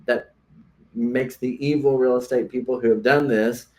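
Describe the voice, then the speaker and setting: A man's voice: mid-range voice, fairly even intonation, normal speed, darkish tone. A man, a realtor, co-hosting a casual podcast chat, explaining earnestly and often restarting his sentences.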